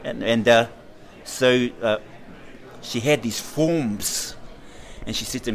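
A middle-aged man with a New Zealand accent, a guest recounting his own story in an unhurried way, with frequent hesitations and lively quoted voices. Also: medium pitch, creaky. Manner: unhurried, animated when quoting others, with many hesitations. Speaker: interview guest. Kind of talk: reflective personal storytelling.

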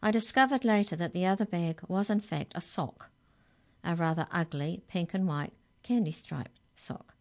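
Kiwi woman reading children's stories on radio, low calm voice. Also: moderate pace. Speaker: storyteller.

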